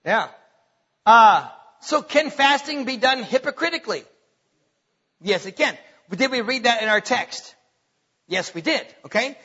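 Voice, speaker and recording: A man preaches a sermon to a church congregation, animated and quick to joke, often asking the room questions. His voice is very high and bright, with a husky edge. The recording sounds slightly dull. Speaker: pastor. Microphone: stage microphone.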